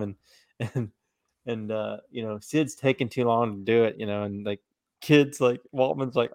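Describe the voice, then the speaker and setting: A man's voice: medium pitch, steady tone, normal speed, a little mellow. A man co-hosting a podcast in casual chat, rambling with lots of "like" and restarts. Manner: rambling, many likes and restarts. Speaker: podcast co-host.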